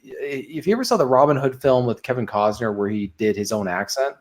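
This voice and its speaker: A man's voice: medium pitch, brisk. A man, a podcast guest, talking casually over a video call, rambling with frequent ums and uhs.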